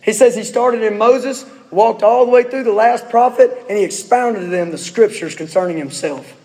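High-voiced man preaching in a reverberant hall. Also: moderate pace, mellow. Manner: conversational preaching with rhetorical questions and asides. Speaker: pastor. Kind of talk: sermon.

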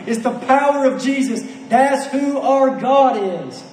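High-voiced passionate male preacher, echoey. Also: a little slow, few pauses, a little mellow, recorded from a distance, a little hiss or hum. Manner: passionate, rhetorical questions, repeats phrases. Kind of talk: sermon.

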